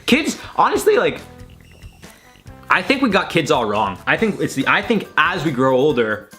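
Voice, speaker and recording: Animated young man riffing on tweets. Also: on the high side, moderate pace, soft background music. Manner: animated, rambling, swearing, laughing at own jokes. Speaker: host reacting to tweets. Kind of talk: casual reaction commentary. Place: his room. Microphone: desk mic at his computer.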